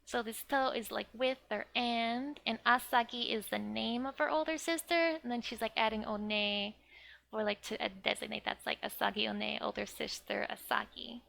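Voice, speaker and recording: A woman's voice: a little high, fairly even intonation, moderate pace, vocal fry, fairly bright tone. A young woman giving a casual, chatty language lesson, often laughing and leaning on "like". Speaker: language teacher.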